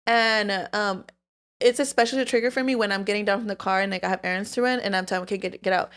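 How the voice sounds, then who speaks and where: A woman's voice: medium pitch, steady tone, quick pace, a bit bright, clear, resonant tone. Candid, profane young woman podcaster. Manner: candid, swears freely, fillers of "like". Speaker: podcast co-host. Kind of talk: casual chat.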